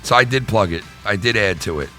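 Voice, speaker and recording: A middle-aged man rants to viewers on his own YouTube channel, heated, profane and repetitive. His voice sits lowish and sounds bright and forceful, with lively intonation at a fairly quick clip. Faint music plays behind him.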